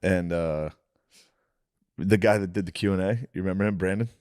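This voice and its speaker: A man's voice: low voice, steady tone, brisk, darkish tone, clear, resonant tone, no room sound, clean studio sound. A man co-hosting a podcast, telling profane anecdotes and acting out the lines of the people in them. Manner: storytelling, profane, acts out quoted lines. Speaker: podcast co-host. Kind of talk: casual crude banter.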